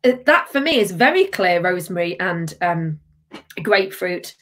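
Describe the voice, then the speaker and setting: A woman's voice: lowish voice, very animated, moderate pace, fairly bright tone. A woman hosting a live tasting stream, chatting casually, bubbly and reading out viewer comments. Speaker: livestream host.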